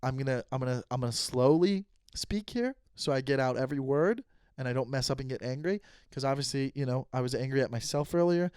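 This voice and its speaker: A man's voice: medium pitch, fast, a little mellow, smooth, no echo, studio quality. A man hosting his own comedy podcast, talking in a casual, rambling, mock-earnest way and stumbling over his words.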